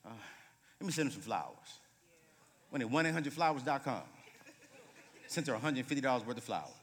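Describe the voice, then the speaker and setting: A man in his late thirties, a guest preacher telling humorous stories in a sermon, moving between loud bursts and hushed moments. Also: mid-range voice, lively intonation, brisk. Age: 30s. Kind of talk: sermon with storytelling. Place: church sanctuary. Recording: reverberant church hall.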